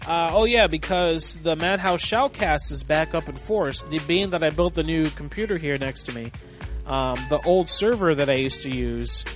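A man with a slightly high voice hosts a casual internet radio show. He rambles and trails off, with plenty of fillers and restarts. Music plays clearly under his talk. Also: moderate pace. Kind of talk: casual chat on a prank-call show.

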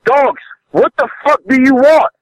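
A man's voice: extremely high pitch, a little slow, dry recording, poor audio. A man selling a car who is angrily cursing and threatening an unwanted caller over the phone. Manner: angry, profane, threatening. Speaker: car seller answering a call. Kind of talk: heated phone argument. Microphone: phone call.

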